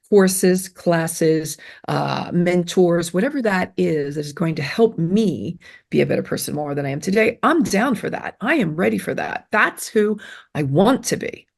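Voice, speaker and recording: A woman's voice: fairly low pitch, creaky. A middle-aged woman giving earnest self-esteem advice in an interview, emphatic and repetitive, with fillers and restarts. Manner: emphatic, repeats phrases, many fillers and restarts.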